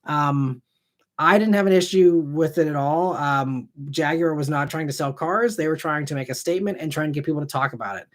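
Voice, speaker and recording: A man's voice: a little high, a little fast. Upbeat man rambling through chat questions. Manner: relaxed and rambling, with many ums and restarts. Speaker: car channel host answering live chat questions. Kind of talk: casual live-stream chat.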